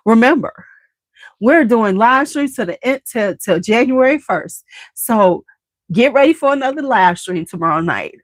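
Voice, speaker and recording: Woman, livestream host, congested, casual chatter, animated pitch, dry close sound. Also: measured pace, pauses often, dry recording. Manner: chatty, addresses viewers as y'all.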